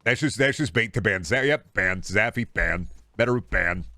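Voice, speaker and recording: A man's voice: fairly low pitch, expressive, normal speed, bright, forceful tone, no echo. A young male streamer riffing on his chat in a crude, sarcastic, casual way.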